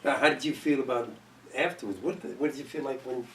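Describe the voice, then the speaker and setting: A man's voice: medium pitch, steady tone, quick pace. Male interviewer, roomy distant sound. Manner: brief interjections, steering questions. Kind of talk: interview chat.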